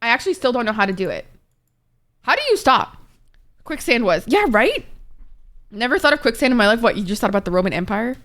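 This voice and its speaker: A young woman streamer chatting casually with her viewers, expressive and talkative, swearing freely. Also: fairly high pitch, fast, pauses often. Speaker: Twitch streamer. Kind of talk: casual livestream chat with viewers.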